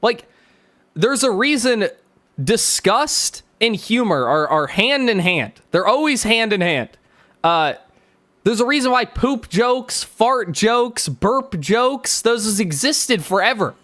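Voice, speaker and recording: A man's voice: high-pitched, big pitch swings, takes it slowly, a bit bright, no echo. A man streaming live, reacting with sarcastic, mocking jokes and asides.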